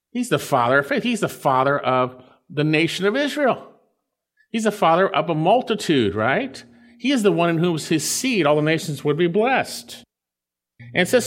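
Animated preacher teaching scripture. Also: male voice, on the high side. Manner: teaching verse by verse, checking in with "okay?" and "right?". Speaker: pastor. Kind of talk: expository sermon.

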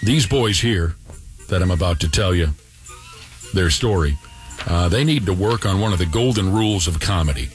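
A man's voice: sits low, animated, moderate pace, faint music behind. A man hosting a radio show, telling an odd news story with sarcastic, mock-impressed banter.

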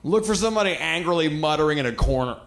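A man's voice: a little high, animated, fast, gravelly, roomy sound, background noise. Ranting profane male stand-up comic. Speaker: stand-up comedian. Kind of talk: stand-up comedy set.

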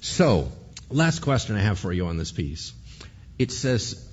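A man preaching a sermon in a conversational, animated way, firing off rhetorical questions. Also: on the low side, a little slow, slightly rough, highs cut off. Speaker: pastor.

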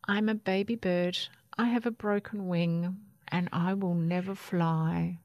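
A woman's voice: fairly low pitch, fairly even intonation, a little slow, dry recording, dull audio. A woman voicing a small, stubborn baby bird with a twisted wing, who snaps when upset and squeals when scared. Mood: frustrated.

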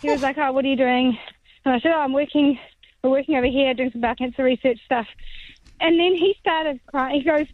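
A woman's voice: sits high, steady tone, fast talker, no echo. A woman calling in to a radio show and telling a story in a chatty way, acting out what people said. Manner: chatty storyteller, acts out quotes. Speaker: caller. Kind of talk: phone-in story. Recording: tinny phone line.

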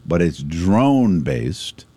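A man's voice: low voice, big pitch swings, drawn-out words, mellow, no echo. A man co-hosting a casual radio show from the studio, rambling and joking and asking lots of questions. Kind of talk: casual morning radio banter.

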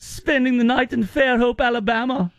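A man's voice: very high-pitched, moderate pace, fairly bright tone, no room sound, voice pushed up. A man putting on a mock-German cheerful tourist. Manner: exaggerated, upbeat.

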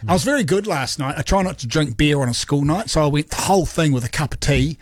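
A man's voice: on the high side, fast talker, hardly any pauses, no room sound. A man, chatting energetically about sport as a co-host. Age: 50s. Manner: excitable and energetic. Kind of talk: casual sports chat.

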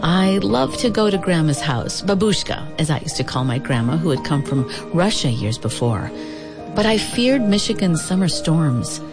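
A woman reading a children's picture book aloud with expressive, lilting storytelling. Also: fairly low pitch, normal speed, music in the background. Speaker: storybook reader.

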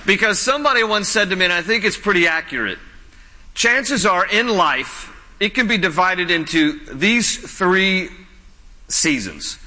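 A man's voice: high voice, expressive, a little slow, sharp tone, in a large hall. A man preaching a sermon as a pastor, earnest and conversational, often repeating his points. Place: church sanctuary.

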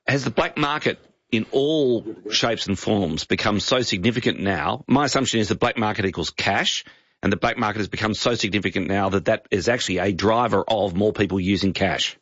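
A man's voice: lowish voice, a little fast, a bit bright, breathy edge, no room sound, dull audio. A man co-hosting a radio show, asking curious questions. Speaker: radio co-host. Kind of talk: radio chat.

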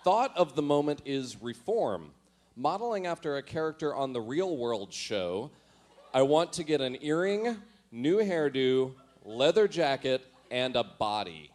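A man's voice: medium pitch, very animated, unhurried, a little mellow. A man giving a comic reading of his teenage diary. He mocks his own writing and laughs at himself as he goes. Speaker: storyteller.

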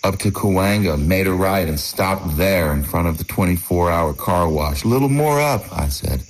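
A man with a very low voice tells his own story in the first person. His delivery is measured and matter-of-fact. He lays it out in short, plain phrases. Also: fairly even intonation, poor audio. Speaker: narrator. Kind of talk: first-person memoir narration.

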